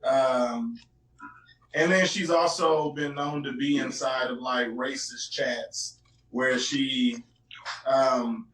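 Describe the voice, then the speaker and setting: Bright-voiced man in an echoey room. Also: medium pitch, steady tone, slow pace, distant mic. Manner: laid-back slangy, many fillers. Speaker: podcast host. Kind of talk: casual chat.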